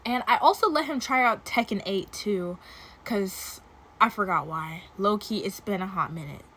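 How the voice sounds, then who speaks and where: A woman's voice: mid-range voice, animated, normal speed, a bit bright, slight background noise. A young woman casually telling a story to camera, talking chattily with lots of "like" and dramatic asides. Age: young adult. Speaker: storytime vlogger. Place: dorm room.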